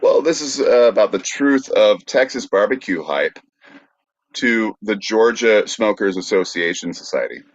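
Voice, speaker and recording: A man's voice: lowish voice, lively intonation, unhurried. A man co-hosting a comedy podcast, teasing his partner in casual banter. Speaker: podcast co-host. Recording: dull lo-fi sound.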